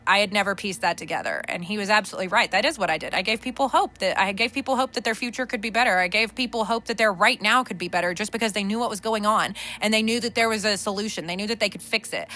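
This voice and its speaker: A woman's voice: a little high, pushed and bright. A young woman hosting a podcast in a casual, candid monologue, swearing freely and laughing often between fillers. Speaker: podcast host.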